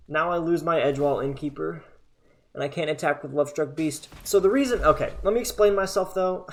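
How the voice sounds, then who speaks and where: A man's voice: fairly high pitch, fairly quick. A man casually commentating his own card game match, chatty and sarcastic, thinking aloud as he plays. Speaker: gaming content creator.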